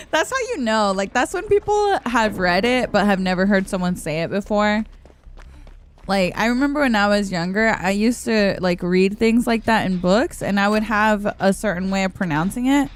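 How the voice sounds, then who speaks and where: A woman's voice: mid-range voice, animated, moderate pace. A woman streamer casually chatting with her viewers while playing a game, laughing often and reading the chat aloud.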